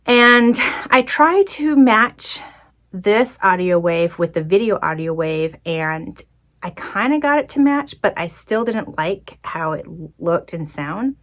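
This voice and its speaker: A woman hosting her own podcast, telling a personal story in a chatty, expressive, self-deprecating way. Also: mid-range voice, slow pace. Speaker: podcast host. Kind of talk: casual solo podcast storytelling.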